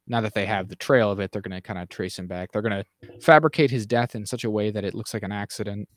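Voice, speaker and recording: A man co-hosting a casual podcast, rambling through recaps with fillers and restarts, dropping into quick mimicked lines. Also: lowish voice, no echo, clean studio sound. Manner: mimics characters in quick acted asides. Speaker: podcast co-host. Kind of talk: casual chat.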